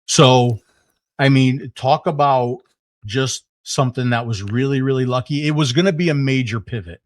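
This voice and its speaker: A middle-aged man, a podcast guest, telling a story in casual conversation, animated, with lots of fillers and restarts. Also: mid-range voice, moderate pace, dry recording.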